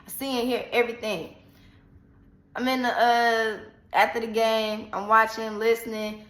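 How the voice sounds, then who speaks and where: A woman vlogger casually retelling a personal story in an animated, slangy, dramatic way. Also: a little high, a little slow. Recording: echoey room.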